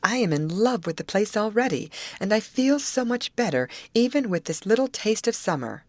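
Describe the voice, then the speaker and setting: A woman voicing a gentle middle-aged lady, speaking softly with relief. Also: medium pitch, very animated, moderate pace, dry recording, pitched above the performer's own voice. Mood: relieved.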